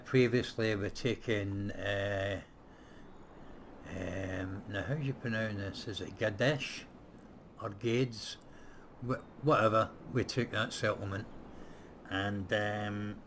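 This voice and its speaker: A man's voice: on the low side, a bit bright, slight background noise. A man hosting a casual let's-play, thinking aloud as he plays, with frequent hesitations and the odd blunt swear word. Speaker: gameplay host.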